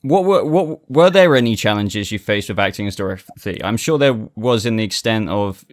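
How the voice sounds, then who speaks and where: A man's voice: fairly low pitch, expressive, moderate pace. A British man hosting an interview, enthusiastic, often stumbling and restarting his sentences. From Britain. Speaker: interview host. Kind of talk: casual interview.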